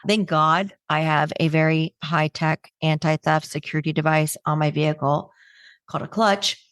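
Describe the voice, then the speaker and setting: Middle-aged woman speaker, lowish voice, punchy comic timing, dry recording. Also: steady tone, normal speed, no room sound. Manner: brash, joking, punchy delivery with acted-out quotes. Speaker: webinar speaker on humor. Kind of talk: stand-up style comedic talk.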